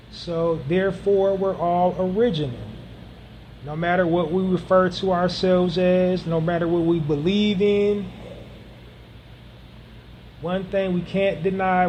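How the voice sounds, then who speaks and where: A man's voice: a little high, darkish tone, slight background noise. Earnest man hosting a solo podcast. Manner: earnest, repeats phrases for emphasis, frequent ums. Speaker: podcast host.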